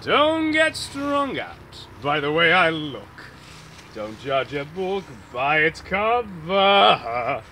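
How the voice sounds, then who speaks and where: A man's voice: a little high, very animated, drawn-out words, sharp tone, slight background noise, exaggerated voice. A man playing a flamboyant transvestite vampire villain in an amateur comedy film, with campy, sing-song delivery. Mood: camp, sultry. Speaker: amateur actor.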